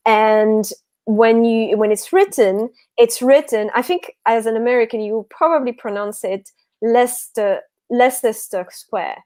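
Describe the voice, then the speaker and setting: A French-accented woman chats as a livestream guest and tells her stories with lively energy, often restarting her sentences. Her voice sits a little high. The sound is dry and close. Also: moderate pace, no echo. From France. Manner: chatty, animated storytelling with frequent restarts. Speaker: guest author. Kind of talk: casual chat on a livestream.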